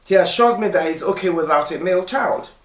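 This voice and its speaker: A woman, a podcast guest telling stories in lively, emphatic casual chat. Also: lowish voice, brisk, recorded from a distance. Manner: animated, lively storytelling with emphatic repetition. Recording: echoey room.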